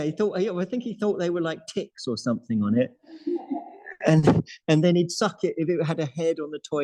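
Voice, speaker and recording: Chatty man with a mellow voice. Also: mid-range voice, low-quality recording. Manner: chatty and playful, laughs often. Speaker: yoga teacher. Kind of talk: guiding a live yoga class.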